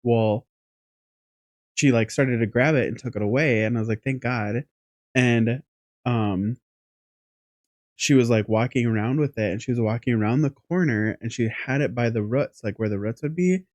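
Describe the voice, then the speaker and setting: A man co-hosting a podcast, telling a long anecdote in a rambling, animated way with casual swearing. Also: medium pitch, moderate pace, dry recording. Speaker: podcast co-host. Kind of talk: casual storytelling chat.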